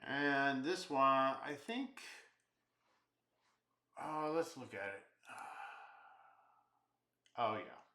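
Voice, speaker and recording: A man's voice: mid-range voice, lively intonation, extremely slow, long pauses, sharp tone, reverberant. A man teaching programming, thinking aloud and muttering as he works through errors in a live coding walkthrough. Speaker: programming instructor.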